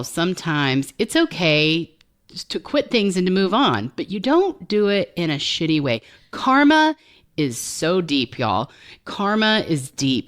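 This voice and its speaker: A woman talks frankly in a casual podcast chat, swearing freely. Her voice sits very low for a woman. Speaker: podcast co-host.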